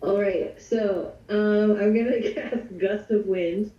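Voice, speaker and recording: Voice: mid-range voice, steady tone, slow, reverberant, distant mic, highs cut off. A player in a tabletop game who thinks aloud hesitantly while checking spells.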